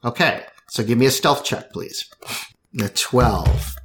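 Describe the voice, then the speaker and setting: A man's voice: mid-range voice, expressive, slow pace, a bit bright, soft background music. Rambling man running a tabletop game. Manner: rambling, with many fillers and restarts. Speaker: game master.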